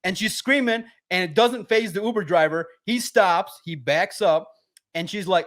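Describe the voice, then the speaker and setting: A man guesting on a sports podcast, telling stories in an animated way and swearing freely. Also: high-pitched, normal speed. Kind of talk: casual podcast chat.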